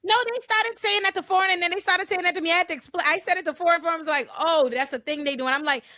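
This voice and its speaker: A woman's voice: extremely high pitch, steady tone, very fast, bright, forceful tone. A woman from the Bahamas with a Bahamian accent, speaking emphatically as a panel guest.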